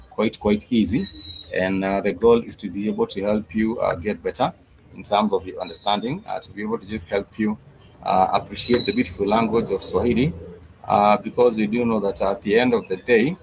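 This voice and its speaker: A man teaching a language lesson in a slow, repetitive way, with many fillers and pauses. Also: on the low side, gravelly, a little hiss or hum, low-quality recording. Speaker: Swahili teacher.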